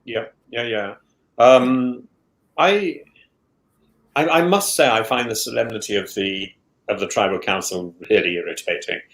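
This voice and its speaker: A man in casual podcast talk, speaking haltingly with many stammered restarts. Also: lowish voice, vocal fry, fairly bright tone. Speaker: guest, former contestant. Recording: roomy echo.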